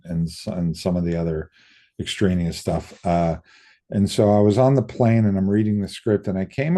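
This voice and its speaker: Brief: middle-aged man, low mellow voice, casual interview guest spinning anecdotes and mimicking the people in them. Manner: lively storyteller who acts out quoted voices, casual swearing. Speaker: interview guest, makeup effects artist.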